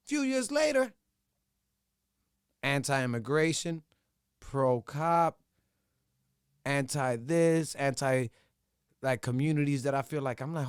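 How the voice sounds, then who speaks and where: Young adult male podcaster, high-pitched, dry close mic, profane unfiltered monologue. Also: no echo. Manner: blunt, profane, ranting. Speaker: podcast host.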